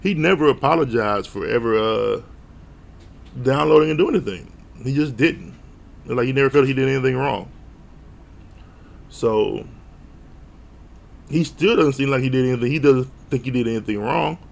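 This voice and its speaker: A man's voice: mid-range voice, normal speed, vocal fry, long pauses. A man giving a blunt, profane, casual recap of a reality show, retelling scenes with mock quotes. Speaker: show reviewer.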